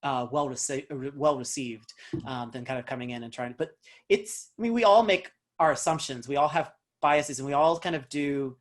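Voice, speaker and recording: A man's voice: medium pitch, moderate pace. A man from North Carolina with a light Southern accent, a dialect coach thinking aloud as he answers interview questions. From North Carolina, USA. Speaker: actor and dialect coach, guest.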